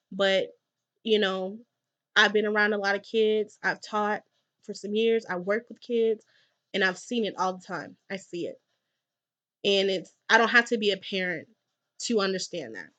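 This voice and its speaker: A woman's voice: medium pitch, highs cut off. Emphatic young woman giving vlog advice. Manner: emphatic, repeats points for stress; lively, swings between soft and loud. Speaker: classroom teacher and vlogger.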